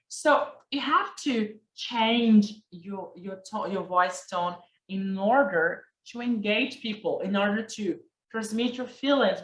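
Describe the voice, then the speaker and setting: A woman teaching presentation skills in a workshop, lively and talking straight to her listeners while she acts out examples. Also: mid-range voice. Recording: echoey room.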